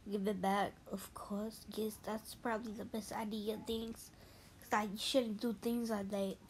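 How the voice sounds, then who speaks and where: A woman hosting an ASMR mobile game playthrough, speaking softly and sometimes whispering as she reads the game chat aloud. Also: mid-range voice, a little hiss or hum. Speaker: ASMR channel host.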